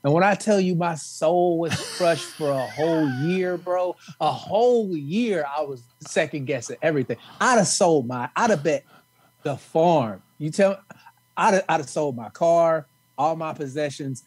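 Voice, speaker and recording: A man's voice: fairly high pitch, unhurried, slight background noise. A man co-hosting a comedy podcast, telling a story in a laid-back, blunt way with crude punchlines. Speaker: podcast co-host. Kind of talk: casual comedic chat and storytelling.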